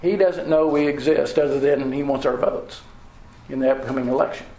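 A man preaching a sermon in an earnest way, slowing down and repeating phrases to stress the scripture he quotes. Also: medium pitch, steady tone, warm tone, rough recording.

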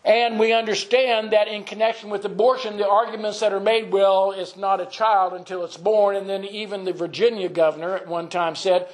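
A man preaching a sermon in an earnest, measured way, reading and explaining scripture. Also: high-pitched, fairly even intonation, low-quality recording.

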